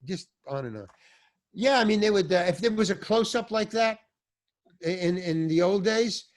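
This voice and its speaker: An older man, an actor, telling animated, rambling stories as a podcast guest, swearing and restarting his sentences. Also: high voice, normal speed. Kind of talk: storytelling in a podcast interview.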